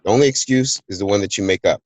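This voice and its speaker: Low-voiced man giving a casual pep talk. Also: quick pace, no room sound, poor audio. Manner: energetic, storytelling, plays out voices in quotes. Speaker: host of a team call. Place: hot place, remote recording.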